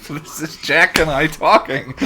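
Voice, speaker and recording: A man's voice: on the high side, big pitch swings, slow pace, creaky, bright, forceful tone. A young man co-hosting a movie watch stream, making easygoing, dry remarks and laughing along. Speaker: streamer and co-host. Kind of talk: casual chat over a movie.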